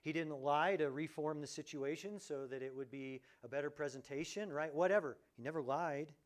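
A man preaching a sermon as pastor, animated, swinging between loud exclamations and hushed, quiet lines, and acting out quoted voices. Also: fairly high pitch, normal speed.

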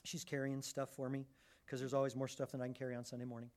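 A middle-aged man preaching a sermon, animated and conversational, often restarting his phrases. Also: mid-range voice, fast. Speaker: pastor.

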